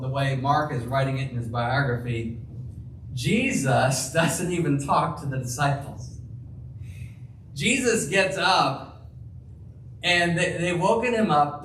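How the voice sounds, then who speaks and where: A man preaching a sermon as pastor, slow and emphatic, acting out the quoted lines. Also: fairly high pitch, fairly bright tone, a little hiss or hum. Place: church. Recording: roomy, distant church sound with faint ambience.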